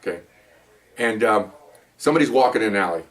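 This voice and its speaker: A man's voice: on the low side, lively intonation, quick pace, far from the mic. An older man, a retired police officer, telling rambling, jokey stories from his career and peppering them with "okay?" and "you know". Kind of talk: casual storytelling monologue.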